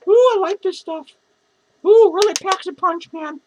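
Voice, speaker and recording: A man's voice: very high voice, a little slow, a little hiss or hum, poor audio. A man voicing a drunk, rambling, self-pitying male clown who slurs, swears and giggles through his words. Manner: slurred, rambling, profane, giggling. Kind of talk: comedic character monologue.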